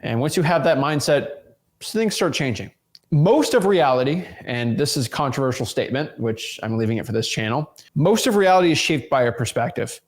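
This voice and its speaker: A man with a voice of ordinary pitch delivers an emphatic motivational talk straight to his viewers. He often stumbles and repeats words as he pushes his point, and he talks to them casually as y'all. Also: lively intonation, fairly quick. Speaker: real estate investing YouTuber.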